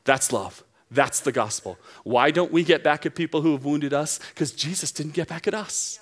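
A man preaching to a young adult crowd, his voice sitting a little higher than most men's. He talks earnestly and drives each point home through repetition. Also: normal speed. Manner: earnest, emphatic preaching with repeated phrases. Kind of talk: sermon.

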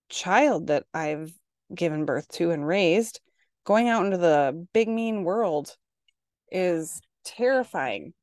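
A woman from Minnesota in her forties, hosting a casual podcast monologue and telling parenting stories in an exasperated, animated way. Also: lowish voice, no echo, clean studio sound. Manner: exasperated, animated storytelling with acted-out quotes. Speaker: podcast host.

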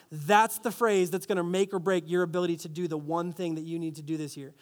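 A man's voice: sits high, brisk, hardly any pauses. A man preaching a sermon, reading scripture, leading the congregation in repeating a phrase, and adding playful asides. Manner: animated, playful asides, leads congregation in call-and-response. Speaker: pastor.

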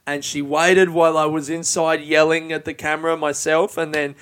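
A stand-up comedian hosts a solo podcast, rambling frankly, mocking himself and swearing a lot. His voice sits on the high side, fairly bright, with a flat delivery at normal speed.

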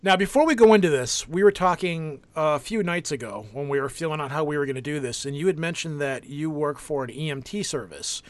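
A man's voice: a little high, a little fast, hardly any pauses, no echo. A man hosting a podcast, asking his guest questions in an easygoing way. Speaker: podcast host. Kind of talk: casual interview chat.

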